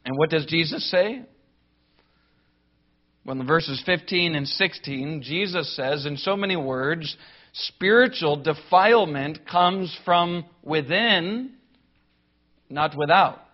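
High-voiced guy preaching slow and emphatic, kinda dull lo-fi sound. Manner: emphatic, deliberate preaching with rhetorical lists. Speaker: pastor. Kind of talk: sermon.

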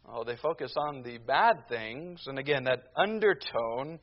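A man's voice: mid-range voice, dull audio. A man preaching a sermon, hammering home his point with one rhetorical question after another. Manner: emphatic, rhetorical questions, slows down on key phrases.

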